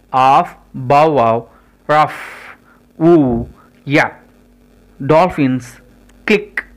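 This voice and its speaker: A man hosting his own channel, reading a list of animals and their sounds one by one, slowly and deliberately. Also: on the high side, fairly bright tone, low-quality recording. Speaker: channel host. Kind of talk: educational word list reading.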